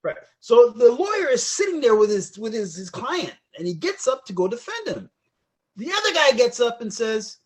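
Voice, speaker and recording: A man co-hosting a casual podcast, telling a story and acting out the people in it, sometimes shouting their lines. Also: very high-pitched, moderate pace. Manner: animated storyteller, acts out voices and shouts. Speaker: podcast co-host.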